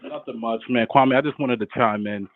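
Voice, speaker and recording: A man's voice: mid-range voice, a little fast, dry recording. A man calling in to a live show, talking in a laid-back, rambling way with many fillers. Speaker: caller. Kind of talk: casual call-in chat. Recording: tinny phone line.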